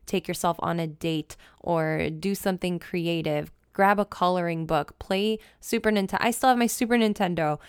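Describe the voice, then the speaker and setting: A woman's voice: fairly low pitch, moderate pace, hardly any pauses, clear, resonant tone, dry recording. A woman hosting a wellness podcast and coaching, talking in an enthusiastic, chatty, emphatic way into a close mic. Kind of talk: casual solo podcast talk.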